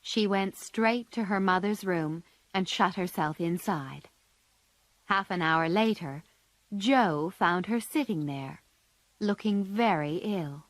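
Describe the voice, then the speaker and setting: A woman reading a story aloud calmly and clearly for English learners. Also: on the low side, slow, dry recording. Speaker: narrator.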